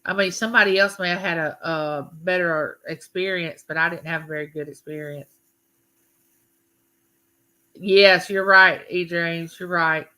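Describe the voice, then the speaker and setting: A woman's voice: lowish voice, steady tone, a little slow, sharp tone. A woman hosting a casual live stream, chatting and greeting her viewers by name. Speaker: livestream host.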